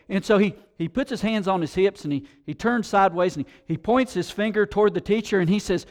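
A male pastor preaching a sermon, telling stories with animated emphasis and rising intensity. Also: sits high, a little fast, hardly any pauses.

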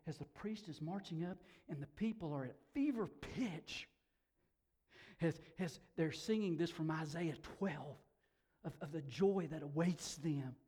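High-voiced pastor preaching with dramatic swings. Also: male voice, a little slow, breathy edge. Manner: dramatic storytelling, swinging from hushed whispers to shouts; repeats words as he restarts phrases. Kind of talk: sermon. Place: church hall, also broadcast on air.

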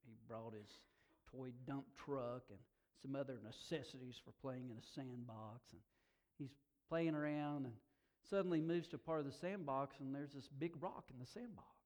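A middle-aged pastor speaks at a moderate pace in a mid-range voice. In his sermon he tells warm personal stories that bring laughs and climb to emotional, emphatic peaks.

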